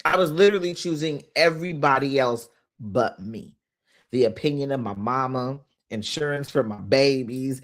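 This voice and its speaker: A woman business coach with a rumbling low voice speaks at normal speed on a casual motivational live stream. Animated, she reads viewer comments aloud and talks straight to her audience, breaking quieter asides with loud emphatic bursts.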